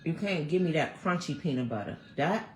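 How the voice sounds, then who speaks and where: A woman in her fifties, hosting a vlog from home and chatting to viewers in a chatty, animated storytelling way. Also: deep voice, fairly quick, a little hiss or hum. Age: 50s. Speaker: vlog host. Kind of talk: casual chat to viewers. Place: at home, snowed in. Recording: roomy echo.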